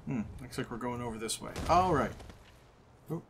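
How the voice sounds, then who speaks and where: A man's voice: mid-range voice, fairly even intonation, fast talker, gravelly, slight background noise. A man hosting a casual let's-play, chatty and amused, greeting things on screen as he plays. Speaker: gaming channel host.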